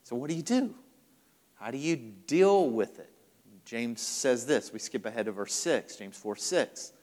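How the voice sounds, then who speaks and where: A man's voice: medium pitch, darkish tone, long reverb tail. A man preaching a sermon as a pastor, emphatic, repeating his phrases for weight.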